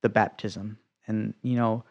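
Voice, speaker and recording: A man sharing his faith testimony in casual conversation, telling it with energy, acting out what he said back then and dropping to a hushed whisper for emphasis. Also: on the low side, flat delivery, a little slow, lo-fi sound.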